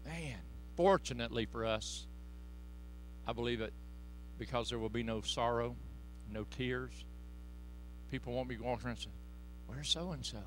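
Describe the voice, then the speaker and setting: A man preaching a sermon to his congregation in church, impassioned and folksy, swinging between loud exhortation and hushed asides. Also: medium pitch, normal speed, long pauses, a little hiss or hum. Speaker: pastor.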